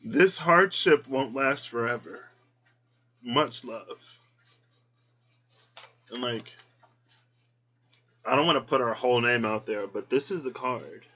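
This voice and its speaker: The man talks casually in his tarot vlog, choked up and emotional, occasionally squealing high quotes of his own reactions. He takes it slowly with long pauses and a sharp tone, and the audio is dull.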